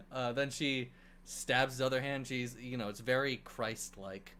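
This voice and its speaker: A man co-hosting a casual movie review podcast, recapping the plot in an animated way with swearing and acted-out quotes. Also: mid-range voice, takes it slowly, slight background noise. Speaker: podcast co-host.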